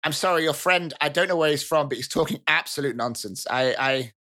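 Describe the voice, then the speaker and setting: Grand Squeak, a game master doing a proud chatty mouse queen. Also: brisk, pushed and bright, lightly acted. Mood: indignant. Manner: rambling, casual, indignant.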